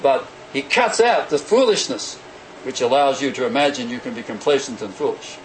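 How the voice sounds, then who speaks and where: A man preaching a sermon in an animated way, often acting out the voices of the people he quotes. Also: medium pitch, moderate pace, slight background noise, rough recording.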